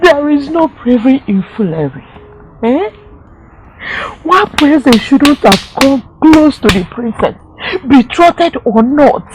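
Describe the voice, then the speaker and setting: A woman's voice: high-pitched, very animated, a little slow, background noise. A woman with a Nigerian accent playing a grieving mother who speaks tearfully. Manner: tearful, pleading. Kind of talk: film acting.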